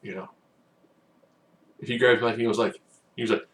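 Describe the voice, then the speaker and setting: A man giving a casual, rambling spoken recap, now and then acting out quotes in loud bursts. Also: mid-range voice, steady tone, a little fast. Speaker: wrestling recap host.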